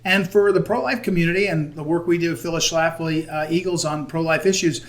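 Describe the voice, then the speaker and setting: A man interviewing a guest over a video call, halting often with fillers and restarts. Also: fairly high pitch. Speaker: interviewer for a conservative group.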